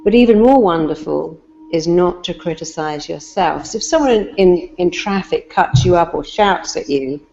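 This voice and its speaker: A woman speaks as a therapist, with a low, mellow voice. She gives emphatic, repetitive motivational advice and builds her points through lists and stories. The recording sounds slightly muffled and lo-fi. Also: lively intonation, moderate pace, creaky, soft background music. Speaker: therapist guest.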